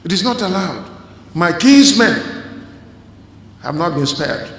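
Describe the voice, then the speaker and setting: A man speaking as a state governor, giving a firm, deliberate public address. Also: high-pitched, animated, a bit bright. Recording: echoey hall clip with faint ambience.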